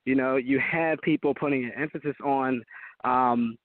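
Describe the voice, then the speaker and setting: A man's voice: mid-range voice, fairly even intonation, normal speed, dry recording. Emphatic man on a tinny phone line. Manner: emphatic, repetitive, preacherly. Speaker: Christian apologist guest. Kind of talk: call-in talk show debate.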